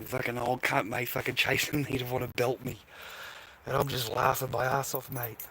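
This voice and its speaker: A man's voice: medium pitch, level tone, moderate pace, gravelly, noisy background. A middle-aged Australian man vlogging in a profane, rambling, blokey way and laughing often. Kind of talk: casual rambling monologue.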